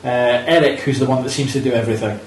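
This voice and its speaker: A man's voice: mid-range voice, steady tone, fast talker, recorded from a distance, a little hiss or hum. A man co-hosting a podcast, recapping a film with wry, sarcastic humor. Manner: wry, dryly sarcastic, swears casually. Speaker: podcast co-host. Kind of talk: casual chat recapping a film. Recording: echoey room, set back from the mic.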